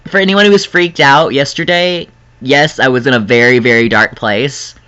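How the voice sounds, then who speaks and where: A young man talks straight to his viewers in an earnest, rambling personal vlog, breaking into laughs now and then. His voice is bright and sharp. The recording sounds dull and lo-fi. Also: medium pitch, smooth. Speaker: vlogger.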